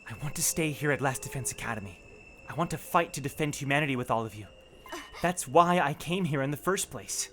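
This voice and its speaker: A man voicing a secretive, earnest teenage girl student, reading game dialogue aloud in a soft, apologetic way. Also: mid-range voice, expressive, brisk, a little hiss or hum, natural voice.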